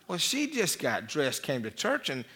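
A man's voice: a little high, huge pitch swings, normal speed, sharp tone. A man preaching a sermon as a pastor, folksy and rambling, with frequent restarts and repeated words. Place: church.

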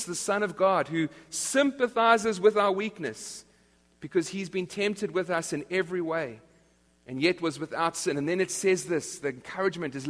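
A man with a high-sitting, fairly bright voice preaches a sermon as pastor. His tone is earnest and emphatic, he restarts phrases often, and the sound reverberates at length through a large hall.

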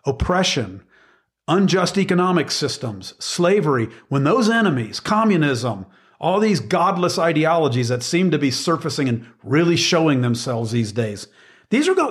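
A middle-aged man explaining Bible passages in casual conversation, earnest and emphatic, often repeating words as he searches for phrasing. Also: fairly high pitch.

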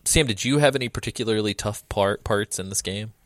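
A man hosting a casual podcast chat about a video game, animated and swearing now and then. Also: lowish voice, fairly quick, dry recording, clean studio sound. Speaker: podcast host. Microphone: home computer setup.

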